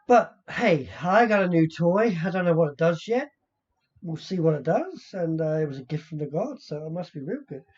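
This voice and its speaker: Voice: medium pitch, big pitch swings, moderate pace, darkish tone. A player wrapping up a tabletop game session in rambling casual talk. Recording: muffled lo-fi stream audio.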